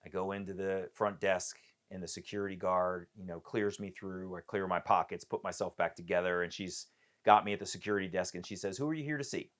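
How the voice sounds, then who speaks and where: Animated storytelling man, low voice. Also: a little fast. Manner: animated, acts out the voices of people in his story. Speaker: podcast guest. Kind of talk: personal storytelling.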